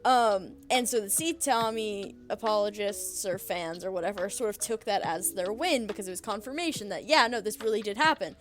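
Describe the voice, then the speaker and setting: A young woman co-hosting a fan podcast in casual chat, telling stories in an animated way with lots of laughs and fillers. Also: medium pitch, moderate pace, hardly any pauses. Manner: giggly, animated storytelling with many fillers. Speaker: podcast co-host.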